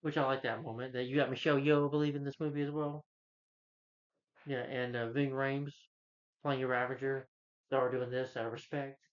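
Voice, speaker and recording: A man's voice: medium pitch, flat delivery, a little fast. A man casually recapping a movie plot, rambling and filling with "like" and "you know.". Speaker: movie reviewer. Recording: dull lo-fi recording.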